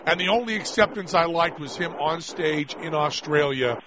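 A man's voice: a little high, moderate pace, noisy background. A man hosting a call-in radio show, talking brashly and arguing with callers in a joking way. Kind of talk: casual call-in radio chat. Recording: dull lo-fi radio broadcast.

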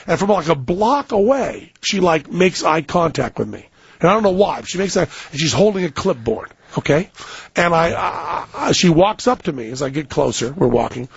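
A man's voice: a little high, lively intonation, normal speed, gravelly, husky, no echo, dull audio. A middle-aged American man hosting a radio show, telling a rambling story and interrupting himself. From United States. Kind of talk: casual radio chat with storytelling. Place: radio studio.

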